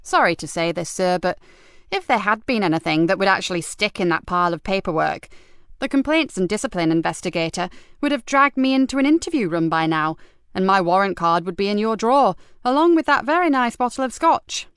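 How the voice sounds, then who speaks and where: A woman's voice: mid-range voice, lively intonation, fairly quick, clear, resonant tone, dry recording, clean studio sound, close to an everyday voice. Sardonic hard-bitten police inspector, voiced by a woman. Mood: wry. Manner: sardonic, bristling. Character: hard-drinking defiant female police inspector. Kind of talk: audiobook character voice.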